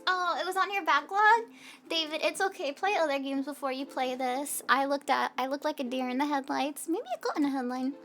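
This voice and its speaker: A woman's voice: high voice, a little fast, fairly bright tone. A young American woman with a Southern accent, rambling and giggling as she chats with viewers at the end of a stream. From United States. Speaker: VTuber streamer. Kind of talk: casual stream chat. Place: hot room at home. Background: faint background music.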